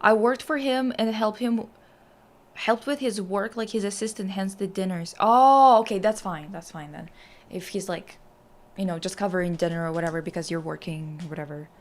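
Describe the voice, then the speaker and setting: A woman's voice: medium pitch, moderate pace. Young woman streamer, blunt and foul-mouthed, mid-range voice, casual chat. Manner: blunt, swearing, animated reactions. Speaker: streamer host.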